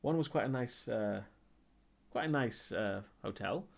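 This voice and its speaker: A male streamer talks off the cuff to his audience in a relaxed, meandering way. He hesitates often and circles back to finish his thoughts. His voice sits at an ordinary middle pitch. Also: a little slow, creaky. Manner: rambling and hesitant, with many ums and restarts. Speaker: live streamer. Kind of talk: casual chat answering viewer questions.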